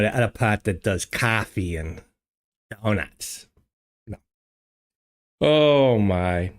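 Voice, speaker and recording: An older man hosts a relaxed chat stream from his home studio, talking into a desk microphone. His voice sits on the low side and he takes his time. He rambles along to his viewers, full of "uh" and "you know" and restarted sentences. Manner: rambling, chatty, many fillers and restarts. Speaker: livestream host. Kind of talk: casual chat with live chat viewers.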